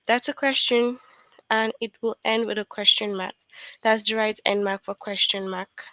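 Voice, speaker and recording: A woman's voice: mid-range voice, steady tone, moderate pace, fairly bright tone, no room sound, poor audio. A woman teaching an online grammar lesson to young children, patient and repetitive, often checking in with questions.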